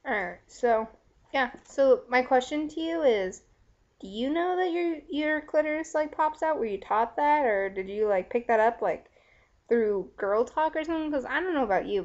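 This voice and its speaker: Dull, lo-fi webcam audio captures a young adult vlogger with a medium-pitched, darkish voice. Giggly and chatty, she talks frankly to a friend in a video letter, filling her sentences with "like."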